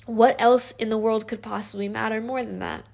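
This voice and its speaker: A woman's voice: a little high, steady tone, fairly quick, gravelly, a little mellow. A woman in her twenties talking to camera in a casual, reflective vlog, earnest and rambling, with lots of fillers and restarts. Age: 20s. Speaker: vlogger.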